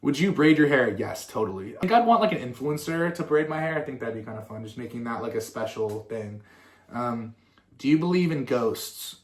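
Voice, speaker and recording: A young male musician chats loosely through viewer questions, drifting off on tangents and swearing freely. His voice sits at an ordinary middle pitch. The recording carries a noticeable roomy echo. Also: lively intonation, fairly quick. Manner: rambling and swearing, full of fillers and tangents. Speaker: musician and content creator. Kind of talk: casual Q&A chat.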